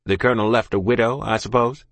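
A man voicing a cold, stern older ship captain who snarls curt commands, louder and harder than his narration. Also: fairly low pitch, steady tone, fast talker, dry recording. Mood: cold, snarling.

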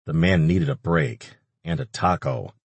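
A man narrating an audiobook in a steady, wry storytelling manner. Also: rumbling low, a little slow, gravelly, husky, no room sound, muffled recording.

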